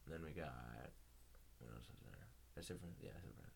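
Low-voiced man in casual podcast chat. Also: fairly quick, vocal fry, husky. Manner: laughs easily, rambling with restarts. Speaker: podcast host.

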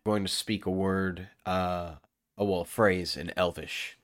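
A man with a very deep voice describes his character's actions in a tabletop game, casual and hesitant. The recording is dry and close. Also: fairly even intonation, slow, no echo. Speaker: player.

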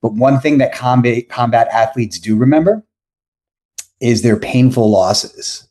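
A man's voice: medium pitch, measured pace. Podcast guest, man, 40s, from South Florida, easygoing storyteller, mid-range voice. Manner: rambling, self-correcting, animated storyteller. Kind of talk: casual storytelling.

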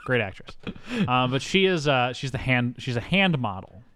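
A man's voice: medium pitch, very animated, moderate pace, a bit bright, smooth, no room sound. A young man co-hosting a podcast, retelling a film scene by scene in a loose, rambling way full of fillers. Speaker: podcast co-host. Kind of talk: casual movie recap chat.

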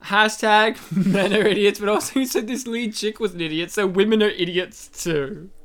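A woman's voice: mid-range voice, normal speed. A woman co-hosting a casual movie chat, joking, laughing often and acting out lines from the film. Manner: jokey, laughs often, acts out quotes. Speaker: podcast co-host.

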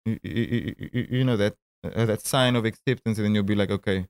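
Recorded dry with a clean tone, this man's voice is on the low side and fairly even in intonation. A rapper in his thirties from Cape Town with a South African accent, he's the guest in a casual interview, telling stories through frequent stammering restarts, quick asides and laughs.

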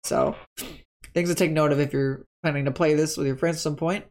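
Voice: medium pitch, fairly even intonation, brisk, darkish tone. Chatty, rambling tabletop game creator. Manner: chatty, rambling, self-correcting, upbeat. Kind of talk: casual explainer on game monster stats.

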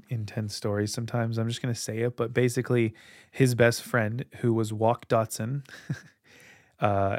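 A man hosts a casual podcast and tells long stories in a rambling way, full of fillers and restarts. His pitch sits in the middle range. The recording is dry, with no room sound. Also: no echo. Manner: rambling, filler-heavy storytelling. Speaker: podcast host. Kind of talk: casual chat.

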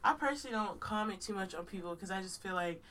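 A woman's voice: mid-range voice, lively intonation, fast talker, fairly bright tone, recorded from a distance. Congested woman co-host, a bit off-mic. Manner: opinionated, emphatic and frank. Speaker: podcast co-host. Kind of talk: casual podcast chat.

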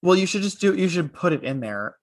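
A man's voice: high voice, very animated, fairly quick, no room sound, studio quality. A man co-hosting a podcast, chatting casually about a film and laughing easily. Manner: chatty, giggly, reads a film speech aloud in a mock-solemn tone. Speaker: podcast co-host.

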